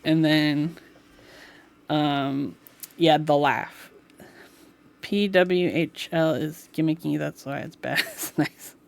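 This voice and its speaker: A woman's voice: deep voice, fairly even intonation, slow pace, creaky, long pauses. A woman live streamer at home, chatting casually with her viewers, with lots of filler "like" and easy laughter. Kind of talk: casual chat while reading live chat.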